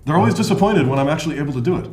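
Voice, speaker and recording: An American man co-hosting a podcast, telling stories in casual chat, playful and quick to laugh. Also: a little high, animated, vocal fry, roomy sound, over music. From United States. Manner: storytelling, playful, laughs easily. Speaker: podcast co-host.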